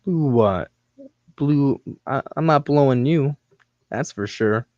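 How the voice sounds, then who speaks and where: A man's voice: medium pitch, takes it slowly, a little mellow, no room sound, lo-fi sound. A man on a livestream, ranting angrily at his viewers with taunting, profane insults. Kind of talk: angry livestream rant at chat.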